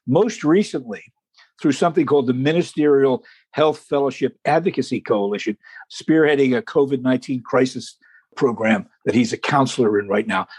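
A man hosts a talk show in a folksy, unhurried way, leaning on key words. His voice is husky and a little breathy. The sound is dry and close. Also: mid-range voice, dry recording. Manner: folksy, deliberate, slows for emphasis. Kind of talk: hosting an interview show.

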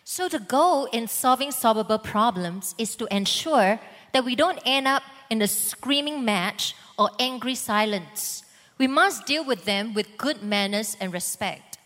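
A woman pastor delivering a calm, explanatory sermon and reading scripture aloud. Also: fairly high pitch, a little slow. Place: church hall. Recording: echoey church hall.

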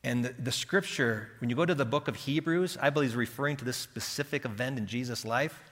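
A man preaching a sermon with passion, dropping to hushed tones and rising to loud pleading. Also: medium pitch, a little fast. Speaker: pastor. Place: church hall. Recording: reverberant hall.

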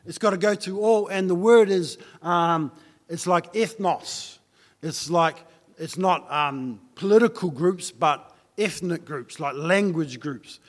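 A male pastor delivers a sermon in a high voice and at a slow, deliberate pace. He talks casually and keeps coming back to the same pointed questions for the congregation. His voice rings out with a long reverb from the church hall. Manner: repeats rhetorical questions to the congregation; tells a joke story in a loose, conversational way.

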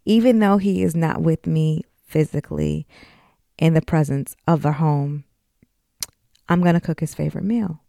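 A woman's voice: deep voice, normal speed, vocal fry, warm tone, no room sound, clean studio sound. A woman in her forties hosting a podcast, talking frankly and emotionally straight to her listeners. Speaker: podcast host. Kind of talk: candid personal talk.

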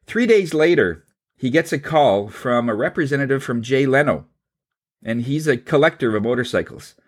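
A man telling a long anecdote in a casual, halting way, voicing the people in it, then drawing a spiritual lesson. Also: mid-range voice, animated. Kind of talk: storytelling talk with a spiritual message.

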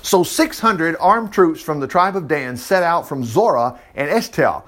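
A man's voice: a little high, lively intonation, unhurried, fairly bright tone. A man reading scripture aloud and breaking off for folksy, chatty asides. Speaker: Bible teacher. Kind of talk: reading scripture with casual commentary.

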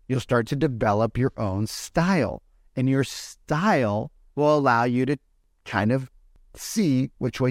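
Man, mid pitch, energetic coach voice, keeps asking "right?", dry close mic. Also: no room sound. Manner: animated, peppers lines with "right?". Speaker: real estate coach. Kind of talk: motivational talk to agents.

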